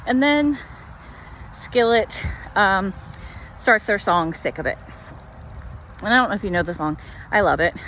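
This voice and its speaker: A woman vlogging while walking, telling a story in a chatty, animated way full of "like". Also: medium pitch, unhurried, pauses often, a little hiss or hum. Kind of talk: walk-and-talk storytelling.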